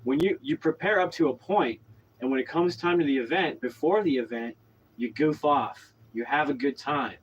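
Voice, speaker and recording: A man's voice: fairly high pitch, moderate pace, dull audio, a little hiss or hum. A man from Oklahoma telling a long story in a casual monologue, rambling with lots of fillers and restarts. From Oklahoma, USA. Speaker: vlogger.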